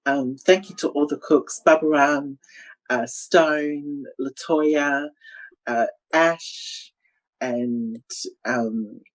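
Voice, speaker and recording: A woman hosting a casual online chat show, lively and emotional, giving thanks. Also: low voice, extremely slow, poor audio. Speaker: host.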